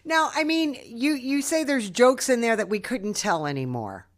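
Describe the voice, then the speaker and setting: A woman's voice: on the high side, sing-song, normal speed. A woman hosting an interview, prompting her guest in an upbeat way. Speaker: host.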